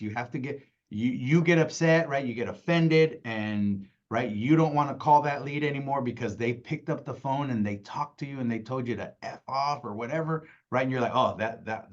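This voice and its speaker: A man with young kids, giving an energetic, casual sales training talk, acting out phone calls and often asking "right?". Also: mid-range voice, dull audio. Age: adult with young kids. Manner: energetic, acts out calls in quoted voices, keeps asking "right?".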